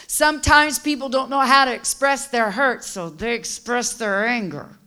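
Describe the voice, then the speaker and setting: A woman preacher delivering a sermon, teaching and building to passionate shouting with call-and-response. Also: fairly high pitch, moderate pace, smooth.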